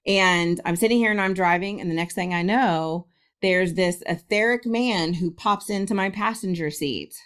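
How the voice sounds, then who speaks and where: A woman's voice: lowish voice, moderate pace, clear, resonant tone. A middle-aged woman from Ohio, a guest medium, telling a story in a casual interview, laughing often and acting out quotes.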